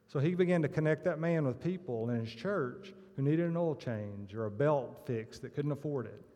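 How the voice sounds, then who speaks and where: Telling stories with acted-out punchlines, a church member gives his testimony as a sermon-style talk in a church sanctuary. His mid-range voice has a dark tone, lively intonation, and moderate pace, and the recording carries a church hall's long reverb.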